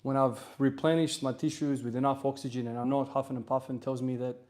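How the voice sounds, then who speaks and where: A man from South Australia with an Australian accent, chatting casually on a livestream between gym sets and answering questions from chat in a relaxed, rambling way. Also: mid-range voice, fast. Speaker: streamer and lifter.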